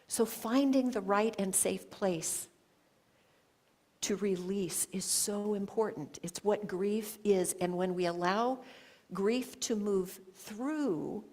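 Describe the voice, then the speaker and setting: A woman speaks to a congregation, telling a personal story. Her voice sits at an ordinary middle pitch, and she talks slowly, pausing between phrases as she reflects. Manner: slow, reflective storytelling with long pauses. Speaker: guest speaker. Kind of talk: spoken sermon with personal story. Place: church sanctuary.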